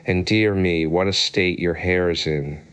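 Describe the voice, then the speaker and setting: A man's voice: deep voice, steady tone, measured pace, a bit bright, clean tone. A man reading an audiobook voices Alice, a polite, curious young girl who speaks timidly and courteously.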